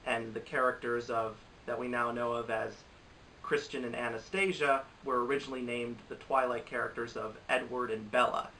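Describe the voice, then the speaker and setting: Bright-voiced exasperated young man reviewing movies. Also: medium pitch, level tone, normal speed, distant mic, slight background noise, low-quality recording. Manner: rambling, exasperated, restarts a lot. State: recovering from a cold. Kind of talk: casual commentary to camera.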